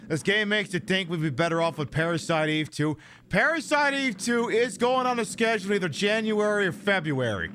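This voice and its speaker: A man's voice: high voice, very animated, moderate pace, few pauses. A man giving casual gameplay commentary as a streamer, profane, ranting and sardonic. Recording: noisy ambience behind.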